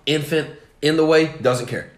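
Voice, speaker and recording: A man's voice: on the high side, moderate pace. Profane, laughing young man telling stories. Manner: profane, animated storyteller who laughs often. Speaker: podcast host. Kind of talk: casual storytelling chat. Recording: echoey room.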